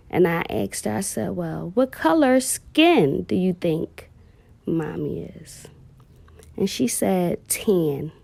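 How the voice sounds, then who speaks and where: A woman's voice: medium pitch, creaky, mellow, dry recording. A woman, heartfelt and emotional, telling viewers a personal story about her daughter and calling them "y'all".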